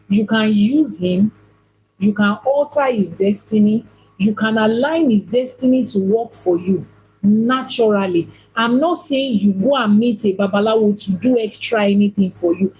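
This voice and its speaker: A woman with a husky, fairly high voice teaches on spiritual matters as an Ifá priestess. She talks emphatically and often repeats a phrase to drive the point home. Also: darkish tone, low-quality recording.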